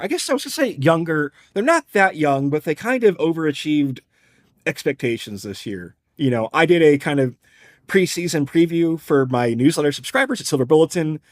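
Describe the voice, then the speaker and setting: A man co-hosting a podcast, explaining sports numbers in a wry, conversational, analytical way. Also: on the high side. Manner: wry, explanatory, numbers-heavy, drops casual profanity. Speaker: podcast co-host.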